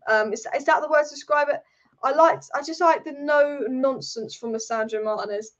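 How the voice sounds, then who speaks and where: High-voiced woman ranting about football. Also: lo-fi sound. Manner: blunt, swears freely, repeats herself. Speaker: football channel host. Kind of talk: casual livestream chat. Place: her room at home.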